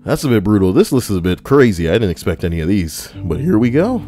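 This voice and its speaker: A man's voice: on the low side, big pitch swings, fast talker, dark tone, soft background music. A man streaming casual commentary while reading online posts, rambling with crude, sarcastic asides.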